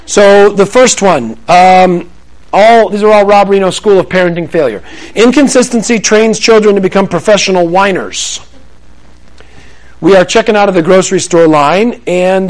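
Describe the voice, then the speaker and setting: A man preaching on parenting to a live audience, animated and conversational, acting out scenes. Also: high-pitched. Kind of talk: sermon-style teaching to a live audience.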